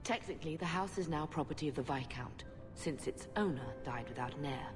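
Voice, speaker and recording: An actress voicing a grieving middle-aged noble mother in a video game, soft and earnest. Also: low voice, fairly quick, close to an everyday voice. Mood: sorrowful. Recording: long reverb on game voice. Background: game music.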